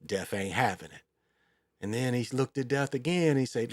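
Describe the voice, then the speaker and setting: A man's voice: mid-range voice, animated, normal speed, dry recording, clean studio sound. A man hosting his own show in a rambling, crude, casual monologue full of fillers. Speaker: show host.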